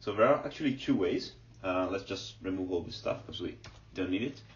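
A man's voice: low-pitched, expressive, a little fast. A man giving a screen-recorded lecture, explaining step by step with many fillers as he types. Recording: echoey, distant, dull lo-fi.

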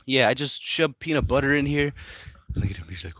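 A man hosting a casual livestream, reading viewer questions aloud and chatting in a relaxed, mumbly way to his pets. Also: mid-range voice, brisk, no echo, studio quality. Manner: laid-back, mumbly, talks to his pets. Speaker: livestream host reading chat. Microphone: phone.

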